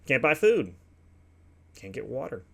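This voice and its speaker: A man talks through a news item in casual commentary. He reads passages aloud, then breaks off to chat with his viewers in a relaxed, conversational way. His voice sits at an ordinary middle pitch for a man. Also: measured pace, vocal fry, husky. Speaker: opinion show host.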